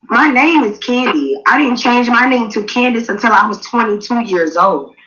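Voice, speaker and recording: Bright high voiced jersey woman going off on a stream, blunt and insistent, muffled sound. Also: expressive, normal speed. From New Jersey. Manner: emphatic, indignant, blunt. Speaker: guest. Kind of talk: heated casual chat.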